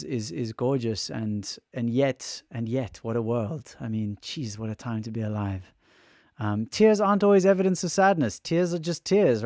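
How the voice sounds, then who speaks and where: On a livestream, a tired man speaks openly and emotionally to his viewers, his throat raw from exhaustion, rambling and restarting as he thinks out loud. He is a livestreamer and musician with a medium-pitched, darkish voice, captured up close in a dry room with a dry recording.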